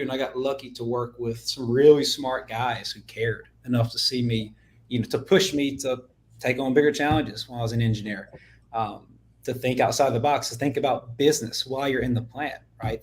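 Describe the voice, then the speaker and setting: A young man with a Southern US accent, a podcast guest telling his story in a laid-back way, full of "man" and "like". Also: medium pitch. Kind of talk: casual interview chat.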